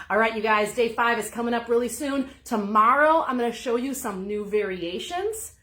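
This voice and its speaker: Female workout coach, high-pitched and energetic, cheering people on, a bit out of breath, roomy echo. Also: moderate pace, few pauses, recorded from a distance. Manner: upbeat, encouraging, counts reps aloud. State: a little out of breath. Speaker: fitness instructor. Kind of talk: live-streamed workout coaching.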